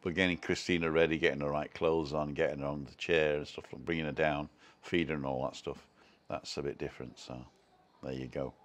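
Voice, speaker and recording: A man's voice: extremely low pitch, flat delivery, a little fast. A man hosting a casual live stream, chatting in a self-deprecating way and reading out viewer comments from home.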